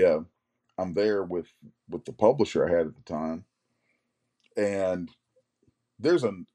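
A man in his forties, a comic artist, telling rambling anecdotes in a casual interview, often clearing his throat. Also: on the low side, dark tone. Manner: rambling anecdotes, acts out others' lines.

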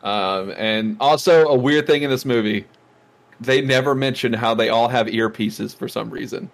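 A man co-hosting a casual movie review podcast, retelling scenes with lively, excited outbursts. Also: medium pitch, moderate pace. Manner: animated storytelling, acts out scenes with excited outbursts. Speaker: podcast co-host.

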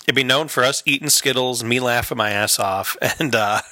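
A man's voice: medium pitch, normal speed, bright, forceful tone, dry recording. A man co-hosting a podcast in casual chat, jokey and laughing a lot, slipping into silly accents. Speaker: podcast co-host.

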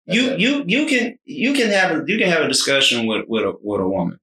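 A man chatting casually in a measured, explanatory way. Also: on the high side, pushed and bright, roomy sound, low-quality recording. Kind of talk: casual chat.

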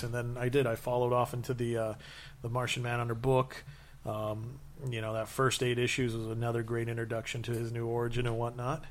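A man's voice: medium pitch, brisk. A man in casual chat, telling long stories with many fillers and restarts and acting out quotes. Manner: rambling, animated storytelling with acted-out quotes.

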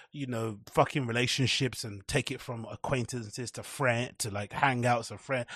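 A man's voice: medium pitch, no room sound, clean studio sound. A young man hosting a podcast alone, telling stories in a rambling, profane, casual way and acting out the people he quotes. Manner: rambling, profane storytelling with animated quoted voices. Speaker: podcast host. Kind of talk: casual solo monologue.

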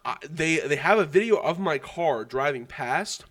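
A man's voice: on the high side, normal speed. Young guy rambling through a story, cussing a lot, likes "like". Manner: animated, swearing storytelling with lots of fillers. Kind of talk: casual chat.

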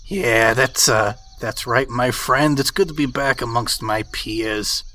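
A man playing a scheming adventurer who passes himself off as a kobold, in a tabletop game. He talks in a measured, persuasive way, close to his own plain voice. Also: medium pitch, pushed and bright, voice pushed down.

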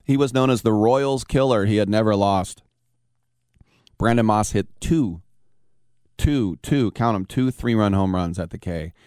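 Deep-voiced male sports radio host. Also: measured pace, smooth, no room sound, clean studio sound. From San Francisco Bay Area. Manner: storytelling, animated, acts out quotes. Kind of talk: casual sports talk radio.

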